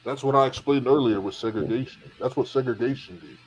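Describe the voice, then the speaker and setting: A man's voice: medium pitch, fast talker, a little hiss or hum. A man co-hosting a podcast, making his points emphatically in a casual discussion. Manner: argumentative, emphatic. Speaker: podcast co-host. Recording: lo-fi dull sound.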